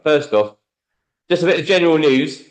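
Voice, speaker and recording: A man's voice: a little high, animated, moderate pace. A man hosting a casual football podcast, teasing his co-host and rambling with fillers and restarts. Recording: slightly dull lo-fi sound.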